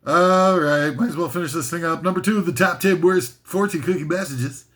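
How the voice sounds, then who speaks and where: A man's voice: fairly high pitch, normal speed, a bit bright. A man hosting a comic list video, rambling and self-mocking as he drifts off topic.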